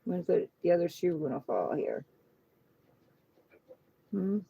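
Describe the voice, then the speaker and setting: A middle-aged woman runs a casual tarot reading livestream at home on her phone, her fairly low voice slow, creaky and husky over phone-quality sound. She chats loosely and in a relaxed way, cooing affectionately to her pet.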